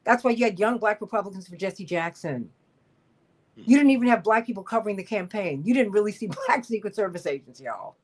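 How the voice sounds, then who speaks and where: A woman's voice: medium pitch, expressive, a little fast. A middle-aged woman hosting political talk radio, emphatic, repeating points for stress and laughing often. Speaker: radio talk show host.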